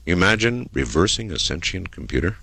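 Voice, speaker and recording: A man hosting a call-in radio show lands his words in wide, swooping lines and lingers on them for drama. His voice is bright and cutting, and the studio around him sounds dry and close. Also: sits low, expressive, vocal fry, breathy edge, no echo. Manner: dramatic, drawn-out delivery with wide swings. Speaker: radio talk show host. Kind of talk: late-night call-in radio.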